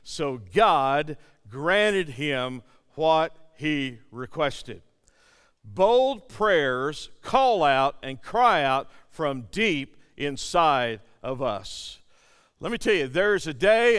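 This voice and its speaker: A man's voice: on the high side, animated, slow pace, fairly bright tone, smooth, in a large hall. A male pastor preaching a sermon, emphatic and calling out to his congregation.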